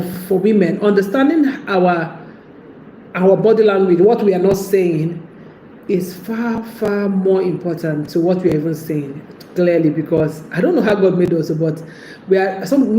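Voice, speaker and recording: A woman gives casual relationship advice in a chatty way, laughing often as she acts out what a partner might say. Her voice is fairly low in pitch with a dark tone. The room is echoey, with faint background noise.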